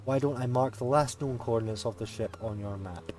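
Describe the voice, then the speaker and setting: A man's voice: medium pitch, brisk, darkish tone. A man casually commenting while playing a game, muttering and swearing now and then. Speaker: gamer.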